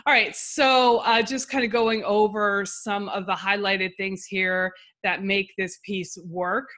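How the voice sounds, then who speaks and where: A woman's voice: mid-range voice, fairly even intonation, takes it slowly, fairly bright tone. A middle-aged woman writing coach talks casually through her own social media post, chatty and self-deprecating with lots of fillers.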